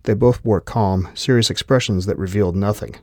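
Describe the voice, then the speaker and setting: Low-voiced male audiobook narrator. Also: a little fast, darkish tone, no echo, studio quality.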